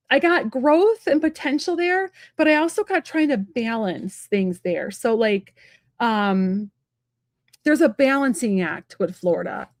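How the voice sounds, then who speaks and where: A woman giving a live-stream tarot reading from home, talking fast and rambling in a chatty way with many fillers. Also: fairly high pitch, dry recording, clean studio sound. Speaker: psychic medium and tarot reader.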